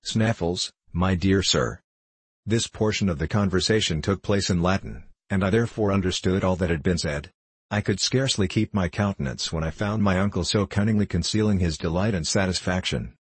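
A man narrates a classic adventure novel with measured, formal delivery. His voice is low and somewhat husky. The recording is close and dry, with no room sound. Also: dry recording. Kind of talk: audiobook narration.

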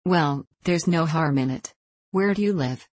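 A woman reading the part of a bold young gentleman who talks in a bland, coaxing way. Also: low voice, unhurried, dry recording.

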